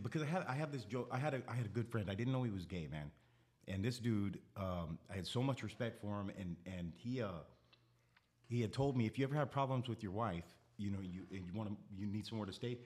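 A man's voice: fairly low pitch, fast, darkish tone. A man telling his own stories as a guest on a casual podcast. He rambles, restarts with repeated words and laughs his way through, blunt and profane. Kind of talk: casual podcast chat, storytelling.

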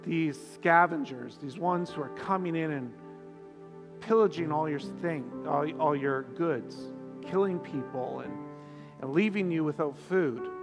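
A man preaching voices God as a calm, commanding male deity in a sermon story. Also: fairly high pitch, measured pace, creaky, big-room sound, over music, voice pushed down.

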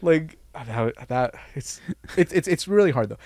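A young man in relaxed podcast banter, rambling and swearing as he acts out lines from sketches. His voice sits in a middle range, and the sound is close and dry with no room echo. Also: unhurried. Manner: rambling, swears, acts out quotes with big pitch jumps. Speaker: podcast co-host. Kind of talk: casual chat.

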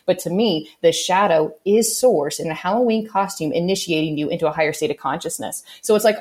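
Woman, low voice, spiritual healer guest, earnest and instructive, conversational interview. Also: a little fast, hardly any pauses, darkish tone. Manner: earnest teaching tone, often checks in with "okay" and "right?".

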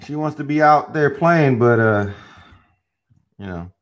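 A man with a mid-pitched voice hosts a podcast in relaxed casual chat. He swears offhandedly and restarts his sentences often. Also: unhurried. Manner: relaxed, profane, talks in restarts. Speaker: podcast host.

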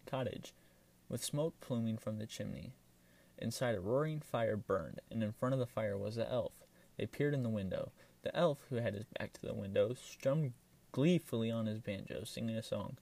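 A man reading a fairy tale aloud in a calm, measured storytelling manner. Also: mid-range voice, vocal fry. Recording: voice from a distance.

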